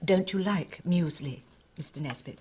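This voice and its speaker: A woman playing a prim middle-class politician's wife who speaks politely, clipped and deadpan. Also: fairly low pitch, moderate pace, natural voice. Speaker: sitcom character. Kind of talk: sitcom acting. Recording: noisy TV clip.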